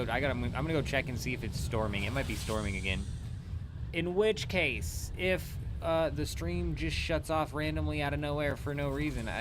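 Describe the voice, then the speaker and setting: A man's voice: mid-range voice, noisy background. A man streaming a game live, chatting casually and rambling with his viewers, dropping swear words as he goes. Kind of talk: casual livestream chat while gaming.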